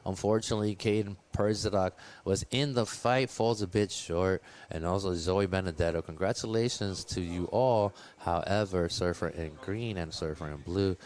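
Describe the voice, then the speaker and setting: A man's voice: low-pitched, moderate pace, few pauses, darkish tone. A man commentating a live surf contest, joking and teasing his co-host between heats. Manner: playful, teasing banter.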